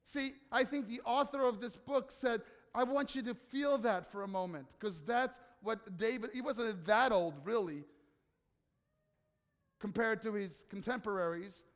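A man preaching a sermon as pastor, emphatic, asking the listeners rhetorical questions and swinging from soft, slow passages to loud declarations. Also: sits high, in a large hall.

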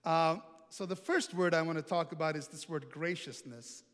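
High-voiced preacher in a reverberant hall. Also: male voice, moderate pace, fairly bright tone. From Italy. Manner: storytelling, playful, asks the audience questions. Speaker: pastor. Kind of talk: sermon. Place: large hall with an audience.

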